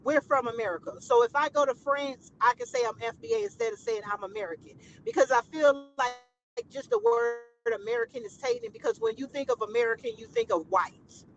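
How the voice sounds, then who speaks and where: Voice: mid-range voice, fairly quick, highs cut off. A live stream co-host in casual political talk, explaining through examples and pressing a point.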